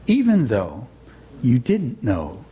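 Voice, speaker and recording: A man giving a gentle, reflective spiritual talk in sermon style, weaving in a read-aloud story. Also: medium pitch, huge pitch swings, takes it slowly, slightly rough. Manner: gentle, reflective, reading with voices. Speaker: spiritual teacher.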